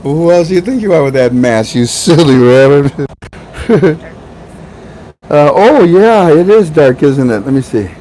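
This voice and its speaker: A man's voice: a little high, animated, a little slow, warm tone, slight background noise, rough recording. A man hosting a casual livestream, chatting with viewers, joking and laughing often. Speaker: livestream host.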